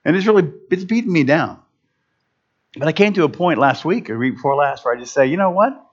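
Male pastor, sermon, animated delivery with wide pitch swings, slightly high voice, dull lo-fi sound. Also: brisk. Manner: animated, jumps into high excited voices for quoted people.

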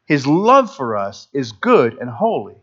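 A man's voice: medium pitch, measured pace, breathy edge. A man preaching a casual, humorous sermon, often restarting his phrases. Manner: animated, humorous, self-interrupting. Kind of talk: conversational sermon. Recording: dull lo-fi recording.

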